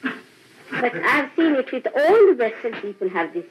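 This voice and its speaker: A woman's voice: on the high side, sing-song, normal speed, noisy background. An older woman gives an informal spiritual talk to followers, laughing often and acting out little dialogues. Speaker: spiritual teacher. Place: small room with a gathering. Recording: dull lo-fi archival tape.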